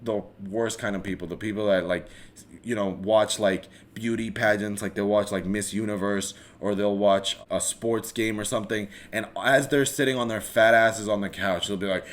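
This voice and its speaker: A man's voice: on the low side, normal speed. Rambling man ranting on a live podcast. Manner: rambling, animated, swears freely, many restarts. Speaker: podcast host. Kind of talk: casual solo rant on a live stream.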